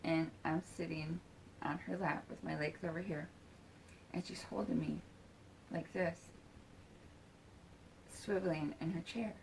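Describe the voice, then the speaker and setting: This woman's voice is lowish with a darkish tone, heard on poor audio with slight background noise. She stumbles through a personal story casually, swearing and using fillers, performing quoted lines and sometimes whispering.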